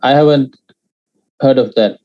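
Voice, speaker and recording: A man teaching Pali in an online class, patiently explaining pronunciation and sounding out syllables with many pauses and fillers. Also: medium pitch, highs cut off.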